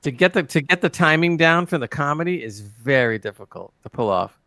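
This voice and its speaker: A man's voice: on the high side, animated, a little fast, sharp tone, no room sound. Enthusiastic man, dry close sound. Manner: enthusiastic, rambling with restarts. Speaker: podcast co-host. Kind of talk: casual review chat.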